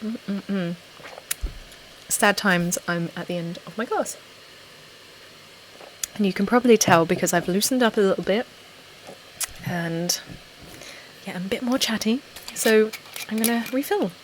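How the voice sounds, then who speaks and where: A woman's voice: medium pitch, measured pace, pauses often, rough recording. A woman chatting casually on a live stream as an ASMR channel host, reading out comments, giggly and self-deprecating. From England (Essex). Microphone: desktop microphone. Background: laptop fan noise.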